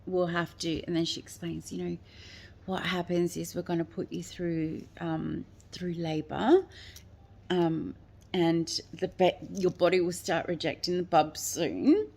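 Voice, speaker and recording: A woman's voice: lowish voice, steady tone, unhurried, vocal fry, a little mellow. A woman telling a personal story in a rambling way, with many fillers, often quoting what others said. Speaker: guest telling her story.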